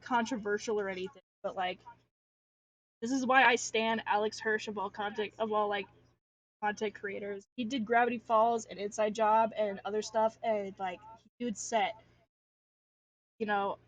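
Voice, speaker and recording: Rambling young woman streamer, fairly high voice. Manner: rambling and animated, full of filler "like"s and restarts, ranting. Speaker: artist streamer. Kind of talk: casual rambling livestream chat while drawing.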